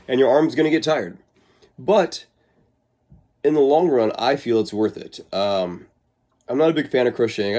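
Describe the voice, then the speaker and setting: A man's voice: mid-range voice, warm tone. A man vlogging to camera, answering a viewer's question in an easygoing, casual way. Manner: laid-back, easygoing, calls the listener "man". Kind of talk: casual how-to chat to camera.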